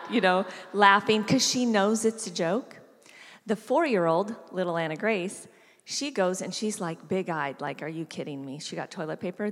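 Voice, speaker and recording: Woman preaching in a reverberant hall. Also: medium pitch. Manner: storytelling, acts out voices with animated shifts. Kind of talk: sermon with personal story.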